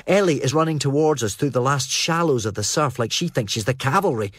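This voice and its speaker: A man narrating a first-person novel as an audiobook, in a steady, even storytelling manner. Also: medium pitch, fairly quick, no room sound, clean studio sound.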